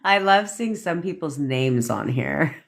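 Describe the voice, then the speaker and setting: A young woman with a low, deep-set voice rants to her livestream viewers, talking bluntly and swearing freely. She laughs often between points and speaks into her phone. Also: expressive, measured pace, gravelly. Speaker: manifestation coach. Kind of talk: livestream rant.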